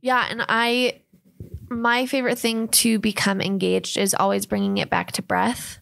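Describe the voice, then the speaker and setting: A woman's voice: a little high, flat delivery, unhurried, vocal fry, a bit bright. A woman co-hosting a podcast, a fitness trainer who earnestly talks listeners through breathing techniques in casual chat.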